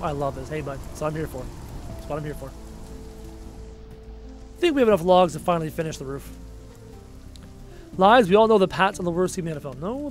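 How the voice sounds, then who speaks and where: A man with a fairly high voice chats through a late-night gaming stream from home. He sounds tired and rambles on, often letting his phrases fade away. Soft music plays quietly underneath. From Canada. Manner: chatty and rambling, trailing off quietly at phrase ends. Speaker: gaming livestreamer. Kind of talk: casual livestream chat, reading viewer comments aloud.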